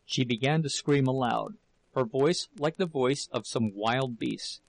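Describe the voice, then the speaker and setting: A man narrating a novel in a slow, dramatic reading. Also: medium pitch, vocal fry, low-quality recording. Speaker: audiobook narrator. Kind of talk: scripted narration.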